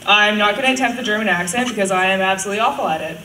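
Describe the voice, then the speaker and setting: A woman's voice: mid-range voice, rapid-fire. A young woman hosting a fan cosplay panel at a convention, upbeat and playfully bossy, laughing often. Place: large echoey convention hall. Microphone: handheld mic, heard from a distance. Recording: echoey hall from far off, loud noise.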